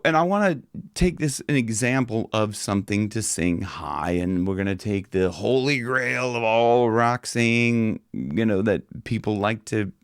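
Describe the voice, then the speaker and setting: A man teaching singing in a loose, chatty way, slipping into high demonstration voices. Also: clear, resonant tone, no room sound, studio quality. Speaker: vocal coach. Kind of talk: casual singing lesson.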